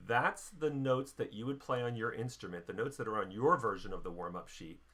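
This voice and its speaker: A middle-aged man teaching a band warm-up lesson, explaining each step patiently. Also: on the low side. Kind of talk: instructional lesson.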